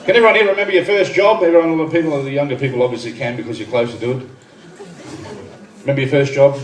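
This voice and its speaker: A man in his thirties with an Australian accent races through his stand-up set in a mid-range voice, firing dry one-liners and asides at the benefit-night crowd. Recorded far away on a phone, the live room sounds echoey and noisy, with laughter in the background.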